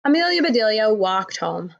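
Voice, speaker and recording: A woman reading a children's picture book aloud in a slow, expressive storytelling manner. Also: medium pitch, gravelly, dull audio. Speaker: storybook reader.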